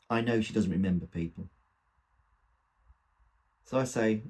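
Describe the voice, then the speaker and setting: Husky man reading a comic monologue. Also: lowish voice, measured pace, a little mellow. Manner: wry, gossipy first-person telling. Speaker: reader.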